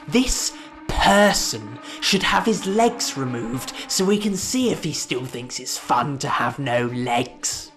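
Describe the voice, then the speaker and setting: A man voicing indignant online commenters in an attempted Birmingham accent, loud and scolding. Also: mid-range voice, lively intonation, slow, loud music behind the voice. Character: outraged indignant Facebook commenters, adult.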